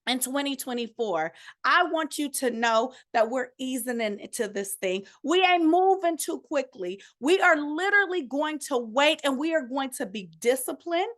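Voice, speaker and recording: A high-pitched middle-aged woman hosts her solo coaching podcast. She talks in an animated, sermon-like way, mixing encouragement with casual slang and quick asides to her listeners. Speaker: life and relationship coach, podcast host.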